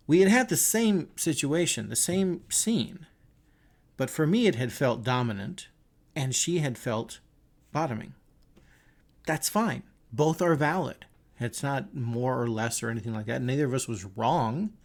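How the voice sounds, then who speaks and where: A man's voice: medium pitch, expressive, normal speed. A man hosting his podcast, talking in a thoughtful, earnest way and telling stories as he reflects. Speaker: podcast host. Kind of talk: reflective casual monologue.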